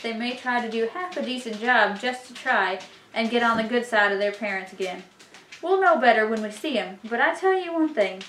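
A woman's voice: a little high, fairly bright tone, slight background noise, natural voice. Woman reading as a scheming old gang boss. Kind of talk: reading dialogue aloud. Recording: echoey room.

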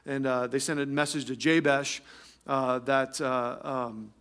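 A male pastor preaching a sermon in an energetic, emphatic way, often repeating phrases for stress. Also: medium pitch, a little slow, clear, resonant tone.

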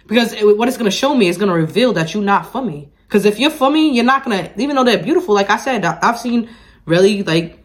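A woman's voice: mid-range voice, expressive, fast. A woman co-hosting a casual chat podcast, talking emphatically and repeating her points to drive them home. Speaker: podcast co-host.

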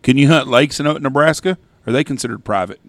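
A man's voice: medium pitch, fast talker, no room sound. A man co-hosting a hunting podcast, telling blunt, profane stories in casual chat. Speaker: podcast co-host.

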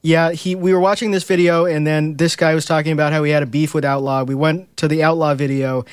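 A man's voice: on the high side, flat delivery, fast talker, smooth, no echo, clean studio sound. A man co-hosting a podcast, rambling with many fillers in casual chat. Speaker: podcast co-host.

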